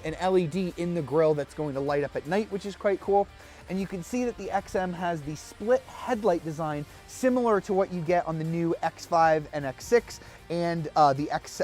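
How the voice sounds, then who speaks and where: A man's voice: fairly high pitch, a little mellow. Upbeat man presenting a car review. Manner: enthusiastic, conversational presenting. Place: beside and inside a parked car.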